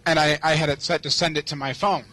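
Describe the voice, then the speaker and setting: A man's voice: fairly high pitch, fairly even intonation, fast talker, sharp tone, poor audio. A man from the Detroit area calling in over a video call, talking casually and hesitantly, with many restarts. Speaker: caller, radio broadcaster.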